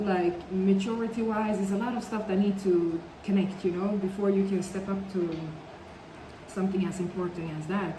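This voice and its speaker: A woman's voice: medium pitch, darkish tone. A woman talking casually to camera in a rambling storytime vlog, peppering her speech with "like" and "you know.". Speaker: vlogger. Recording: roomy echo with faint background noise.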